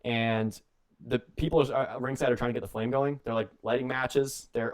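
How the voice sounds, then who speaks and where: A young man co-hosting a wrestling podcast on the radio, telling a comedic story in a rambling, jokey way and breaking into quick put-on voices. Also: medium pitch, fairly even intonation. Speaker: podcast co-host.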